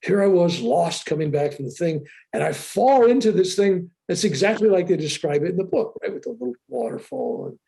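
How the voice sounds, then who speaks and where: Gravelly older man telling a story. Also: sits high, brisk, hardly any pauses. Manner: animated, excitable storyteller. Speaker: interview guest. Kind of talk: storytelling in a casual interview. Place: room with a sheetrock wall.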